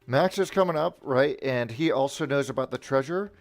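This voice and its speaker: A man's voice: mid-range voice, normal speed, no room sound. A man directing an improv scene in a game, hesitant with many fillers. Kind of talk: casual game narration.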